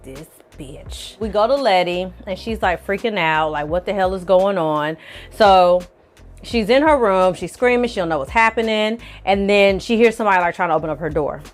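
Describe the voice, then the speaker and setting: A woman hosting her own channel, recapping a TV episode in a lively, slangy storytelling style. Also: mid-range voice. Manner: animated, slangy storytelling with acted quotes. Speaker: film reviewer, channel host.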